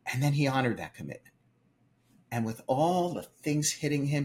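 An older man, a film producer, telling emphatic, animated stories in an interview. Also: medium pitch, moderate pace. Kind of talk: storytelling interview.

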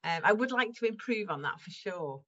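A woman's voice: mid-range voice, lively intonation, brisk, pushed and bright, lo-fi sound. A middle-aged woman, a guest on an interview, who often laughs as she talks. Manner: laughs often while talking. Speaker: guest, improv performer. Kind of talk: casual conversational interview.

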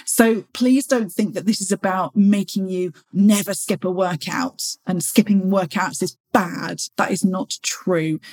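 A woman in her 40s hosts a motivational solo fitness podcast, chatty and encouraging, in a husky, slightly mellow, medium-pitched voice. She acts out her own inner voice as she talks.

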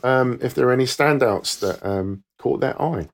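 A man's voice: medium pitch, expressive, moderate pace, creaky. A man co-hosting a podcast, presenting the news segment in an easygoing way. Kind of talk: casual podcast banter.

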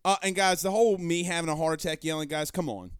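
A man hosting a sports talk stream, reading viewer comments aloud and answering them in a loud, passionate, blunt way with some swearing. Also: on the high side, fast talker, clean tone, no echo, studio quality. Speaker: sports show host. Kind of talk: live-stream chat reading.

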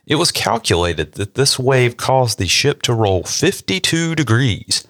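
A man's voice: medium pitch, very animated, unhurried, a bit bright, no room sound, clean studio sound. A young man co-hosting a podcast, reading history facts and joking about them. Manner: joking, reads facts then riffs. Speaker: podcast co-host. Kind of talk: casual chat and read history.

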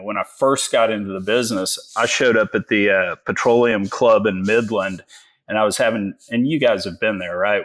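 A man's voice: lowish voice, a bit bright. A Texan man in his forties, a guest telling stories in a folksy, joking way with many fillers. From Texas. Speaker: guest, energy investor. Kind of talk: casual interview talk.

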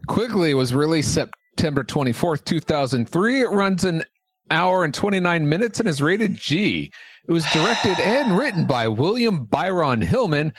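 A man's voice: a little high, big pitch swings, normal speed, husky, dry recording. A man co-hosting a podcast, reading film facts with a joking manner. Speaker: podcast co-host. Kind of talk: casual podcast chat.

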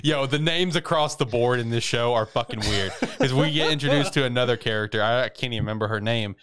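A man's voice: mid-range voice, fast talker, a bit bright. A man co-hosting a podcast, recapping an anime episode in casual, rambling chat, swearing freely and laughing often.

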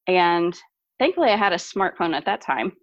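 Lady guest telling a long story, lowish voice, laughs a lot, dull dry audio. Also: moderate pace, no room sound. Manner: storytelling, animated, laughs often. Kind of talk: podcast interview.

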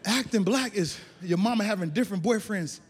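A man from Chicago performing a loud, animated stand-up set on a large theater stage, shouting into character voices. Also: high voice, brisk, big-room sound. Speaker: stand-up comedian.

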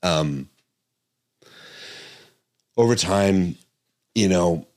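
A man's voice: deep voice, lively intonation, extremely slow, a little mellow. A middle-aged man, a doctor hosting a podcast, talking earnestly and emphatically, repeating his points and correcting himself aloud. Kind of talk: podcast monologue.

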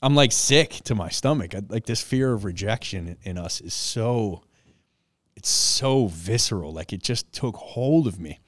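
Low-voiced man telling a story, laughing. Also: normal speed, dry recording, clean studio sound. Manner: animated, self-mocking, laughs while telling. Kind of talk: casual storytelling.

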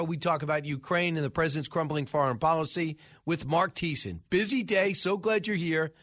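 A man's voice: fairly high pitch, normal speed, few pauses, a bit bright. A man hosting a talk radio show, giving emphatic, scoffing political commentary into a studio microphone. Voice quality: emphatic, scoffing, frequent uh fillers.

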